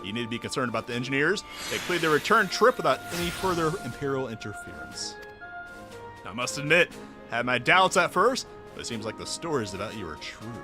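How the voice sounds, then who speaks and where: A man reading the lines of a composed male military officer from a game in a formal, measured way. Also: mid-range voice, big pitch swings, over music, close to an everyday voice.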